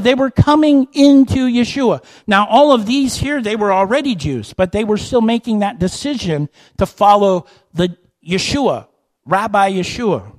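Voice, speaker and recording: A man with a notably high voice delivers a sermon. He moves between hushed, explanatory stretches and lifted, emphatic declarations, now and then slipping into the voices of imagined listeners. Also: no echo, rough recording. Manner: animated, rises and drops in pitch and volume, acts out listeners. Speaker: preacher.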